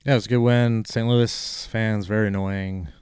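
A man's voice: lowish voice, fairly even intonation, normal speed, a little mellow, clean tone, no room sound, studio quality. A man co-hosting a casual sports podcast, laid-back and teasing, often answering in short remarks. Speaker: podcast co-host.

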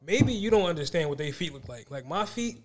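A man co-hosting a podcast, telling stories in casual chat, animated and full of slang and swearing. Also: a little high, fairly quick. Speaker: podcast co-host.

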